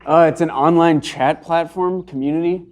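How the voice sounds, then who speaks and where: A man's voice: on the high side, steady tone, moderate pace, natural voice. A man voicing a paranoid teenage hacker boy who rants defensively and mutters to himself.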